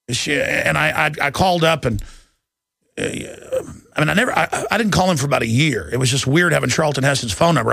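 Gravelly, rapid-talking male radio host. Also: mid-range voice, fairly bright tone, dry recording, clean studio sound. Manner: rapid, emphatic, with many restarts. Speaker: radio talk show host. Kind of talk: talk radio monologue and live ad read. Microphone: studio microphone.

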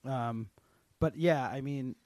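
A man co-hosting a podcast in easygoing casual chat, agreeable and quick to laugh. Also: medium pitch, darkish tone, no room sound. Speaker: podcast co-host.

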